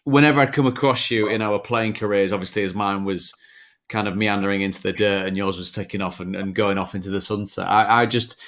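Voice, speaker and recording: A man's voice: on the low side, steady tone, fairly quick, a bit bright. Playful, wordy male podcast host. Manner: wordy, playful, elaborate phrasing. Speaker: podcast host, former footballer. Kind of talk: casual podcast chat.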